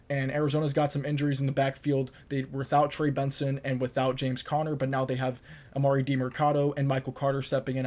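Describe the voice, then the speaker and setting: A young man talks alone on his podcast, laying out football predictions with firm, emphatic conviction and repeating points to drive them home. His pitch sits at an ordinary middle height and barely moves, giving the delivery a level, monotone feel. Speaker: podcast host. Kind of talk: solo sports picks monologue.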